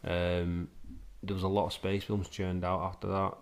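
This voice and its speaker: A young man, a podcast guest who talks in a laid-back, quiet way, trailing off into murmurs. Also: low voice, monotone, normal speed. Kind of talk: casual chat.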